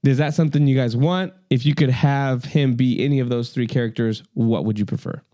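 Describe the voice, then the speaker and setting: A man's voice: mid-range voice, fairly even intonation, fairly quick, dark tone. A man hosting a podcast, running through news in a loose chat with many fillers. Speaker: podcast host. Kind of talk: casual chat.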